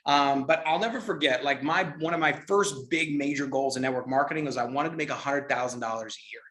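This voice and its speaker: A middle-aged man giving a motivational network marketing training, energetic and repetitive, often checking in with "right?". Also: medium pitch, fast.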